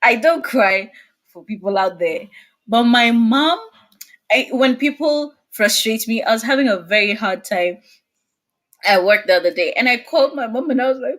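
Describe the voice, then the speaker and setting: A young woman speaking as a guest in a casual video-call interview, expressive and laughing often. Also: sits high, moderate pace.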